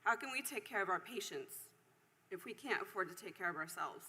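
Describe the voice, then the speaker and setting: A woman's voice: medium pitch, expressive, fairly quick, sharp tone. A woman in her forties who works in a hospital lab gives earnest, slightly nervous public comment at a city council meeting.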